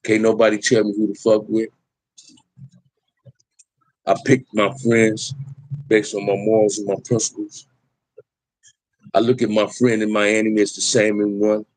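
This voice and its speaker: A man's voice: lowish voice, little pitch movement, normal speed, pauses often, no room sound, rough recording. A middle-aged man, talking emphatically in a preachy street style as host of a livestream. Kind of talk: impassioned livestream talk.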